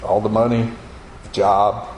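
A man's voice: lowish voice, flat delivery, measured pace, darkish tone, echoey room, slight background noise, poor audio. A man giving a spoken testimony to an audience, telling his story vividly and acting out the voices of the people in it. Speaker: speaker giving a personal testimony.

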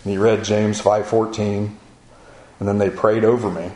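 A man's voice: fairly low pitch, flat delivery, moderate pace, mellow. A man sharing his personal testimony as a spoken story, acting out the back-and-forth of conversations with "I go" and "he goes". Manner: storytelling that acts out dialogue with "I go" and "he goes". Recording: roomy echo with faint ambience.

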